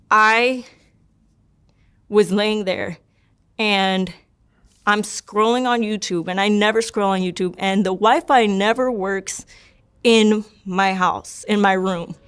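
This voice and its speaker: This young woman has a medium-pitched, fairly bright and clean voice. As a guest telling her personal testimony, she rambles casually, repeating words and saying "like" a lot.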